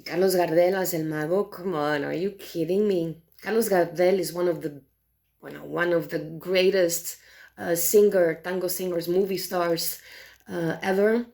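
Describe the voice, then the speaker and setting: Woman, low gravelly voice, casual tarot vlogger, animated and exasperated, swears, lots of restarts. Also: normal speed. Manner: many fillers and restarts. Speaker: tarot deck reviewer. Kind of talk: casual chat.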